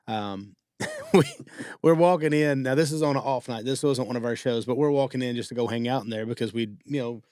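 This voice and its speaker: A man hosting a podcast, chatty and quick to laugh while telling anecdotes. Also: medium pitch, big pitch swings, darkish tone, no echo, studio quality. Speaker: podcast host. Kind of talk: casual podcast conversation.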